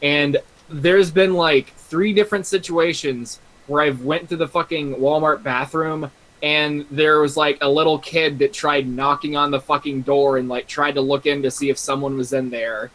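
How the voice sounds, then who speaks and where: A man's voice: on the high side, fairly even intonation, normal speed, a bit bright, low-quality recording. A young man on an online voice call, telling rambling stories with constant swearing and frequent laughter. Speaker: streamer's guest on voice chat. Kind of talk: casual chat.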